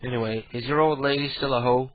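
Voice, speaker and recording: A man's voice: medium pitch, fairly even intonation, fast talker. A man with a middling voice mutters complaints on air, irritated and wry. The broadcast sound is thin and lo-fi. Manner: grumbling, exasperated. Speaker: radio show host. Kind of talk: casual on-air commentary.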